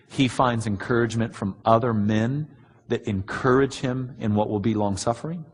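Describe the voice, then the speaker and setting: Husky blunt preacher man in a hall. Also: medium pitch. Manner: earnest and blunt, many "um" pauses. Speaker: pastor. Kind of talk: sermon answering written questions. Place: large church hall. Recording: long hall reverb.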